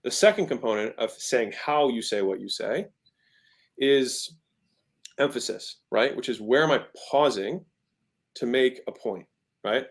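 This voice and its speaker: A creaky, expressive mid-range male voice moves at a measured pace with long pauses. The speaker, a podcast guest in his thirties, offers casual, conversational teaching on sales, emphatic and often altering his tone for emphasis.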